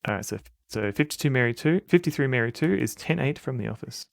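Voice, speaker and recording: A man's voice: mid-range voice, expressive, fast talker, vocal fry, no room sound, clean studio sound. A man streaming a retro game, giving wry, chuckling commentary and reading the game text aloud.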